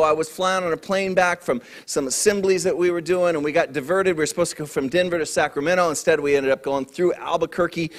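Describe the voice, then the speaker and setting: A male minister preaching a sermon, telling a personal story and moving between raised, emphatic passages and low, hushed ones. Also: quick pace, few pauses.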